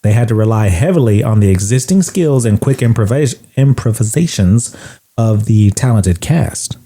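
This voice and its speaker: A man co-hosting a casual movie podcast, joking and lively as he shares his opinions. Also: fairly low pitch, moderate pace. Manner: animated, joking, puts on voices. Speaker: podcast co-host.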